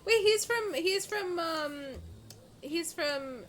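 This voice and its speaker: Gushing, excitable young woman streamer. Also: very high voice, slow pace, slight background noise. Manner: gushing, excitable, swears freely. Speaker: streamer reacting to a game story. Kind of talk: casual reaction stream with read-aloud.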